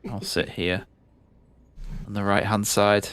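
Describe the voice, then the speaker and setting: Low-voiced man, player in a tabletop game. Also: little pitch movement, slow pace, fairly bright tone, smooth, no echo. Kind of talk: casual play.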